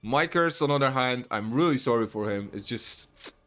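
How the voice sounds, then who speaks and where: A man casting a real-time strategy match live, chatty and quick to burst into excited shouts. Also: mid-range voice. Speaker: esports caster. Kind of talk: live play-by-play game commentary.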